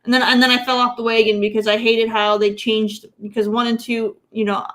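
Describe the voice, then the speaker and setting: Female gaming podcast co-host, slightly high pitch, teasing and chatty. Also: level tone, brisk, a bit bright. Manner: teasing, laughs often. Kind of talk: casual gaming talk show.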